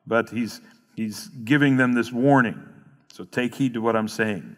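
A man's voice: medium pitch, steady tone, unhurried. A male pastor preaching a sermon, earnestly explaining verses and repeating key phrases. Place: church sanctuary. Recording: long hall reverb.

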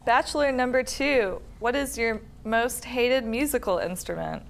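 A woman on a mock dating show, asking questions in a relaxed, playful way. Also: a little high, a little slow, creaky. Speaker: contestant. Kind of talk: casual game show questions.

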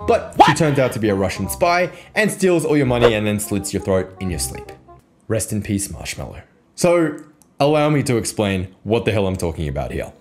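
A man hosting a casual explainer video, telling a joking story in a brash way with frequent swearing. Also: mid-range voice. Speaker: copywriting coach, video host.

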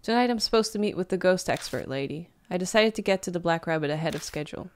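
A woman's voice: on the low side, animated, quick pace, darkish tone, slight background noise. A woman streamer reading a visual novel aloud and chatting casually with laughs between the lines. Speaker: let's play streamer. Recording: game music playing behind.

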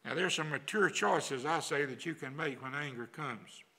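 A man's voice: a little high, moderate pace, sharp tone, husky. An older man preaching a sermon as pastor, in a folksy, repetitive cadence. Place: church sanctuary.

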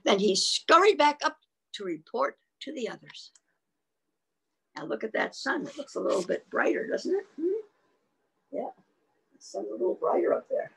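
A woman's voice: fairly high pitch, big pitch swings, moderate pace, creaky, pauses often, breathy edge. Sing-song woman reading to toddlers. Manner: sing-song, asking children questions. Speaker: children's storyteller. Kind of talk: reading a picture book to toddlers.

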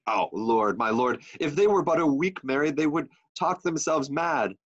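A man's voice: on the high side, animated, moderate pace. A teenage boy playing a doting old nobleman father in a Shakespeare school play, sometimes stumbling over his lines. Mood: fond. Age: late teens. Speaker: student actor. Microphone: video call. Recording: muffled video-call audio.

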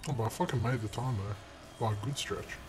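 A man's voice: fairly low pitch, fairly quick, over music. A young man giving crude, sarcastic commentary while playing a game at home into a desk mic. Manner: crude, sarcastic trash talk at other drivers; sudden loud outbursts and shouting. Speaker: gaming channel host. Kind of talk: profane gameplay commentary. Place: room at home.

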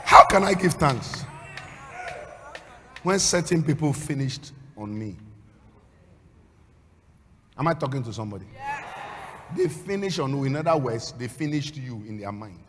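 A man preaching a sermon as a pastor, swinging between storytelling and loud, half-sung, shouted exhortation. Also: mid-range voice, expressive, moderate pace, long pauses. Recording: long hall reverb.

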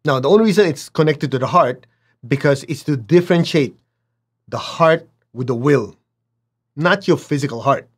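A man teaching a spiritual lesson, who often checks in with his listeners and acts out little dialogues with big swings in pitch. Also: lively intonation, normal speed, husky. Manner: asks listeners to check in, "okay?", "make sense?".

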